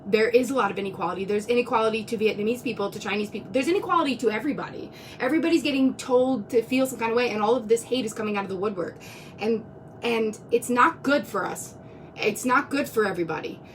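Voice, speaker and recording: A woman's voice: on the high side, far from the mic, a little hiss or hum. A woman talking earnestly on a live stream, close to tears, rambling and restarting her sentences. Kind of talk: emotional live-stream monologue. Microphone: phone.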